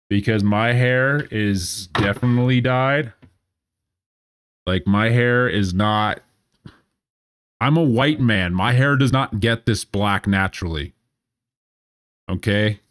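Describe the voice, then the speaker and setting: A man's voice: on the low side, fairly bright tone, clear, resonant tone, dry recording, clean studio sound. A man in his thirties giving casual gameplay commentary as a streamer, sarcastic, rambling and profane.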